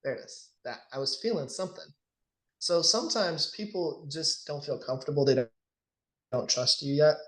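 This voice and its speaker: Animated male sales coach. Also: a little high, moderate pace. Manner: animated, acts out sales dialogues. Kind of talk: casual coaching session.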